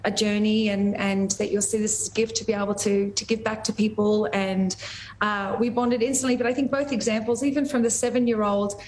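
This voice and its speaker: A woman with an Australian accent, emotionally raw, speaking in a halting, heartfelt way on a TV interview. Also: medium pitch, fairly even intonation, a little mellow, low-quality recording. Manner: halting, heartfelt, often restarts sentences. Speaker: guest singer.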